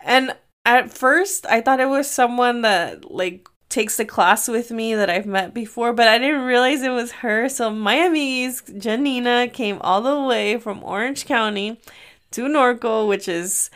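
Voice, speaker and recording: A woman's voice: on the high side, a little slow, a bit bright. A young adult woman hosting a casual solo podcast from her room, telling stories in a chatty way and often laughing. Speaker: podcast host.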